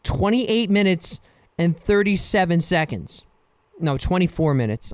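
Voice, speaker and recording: Brief: jokey man riffing solo on a podcast mic, clear, dry sound, very animated. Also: high voice, a little slow, no echo. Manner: rambling, jokey, laughs often. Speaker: podcast host.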